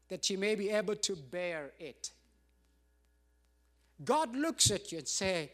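A man's voice: high-pitched, sing-song, slow pace, long pauses, a bit bright. A middle-aged man pastor preaching a sermon, emphatic and repetitive, with rising bursts.

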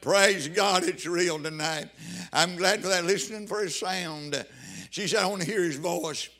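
Older preacher guy, high bright voice, gets fired up hollering praise. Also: normal speed. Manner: fervent preaching, rising to shouted praise. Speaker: pastor. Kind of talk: sermon.

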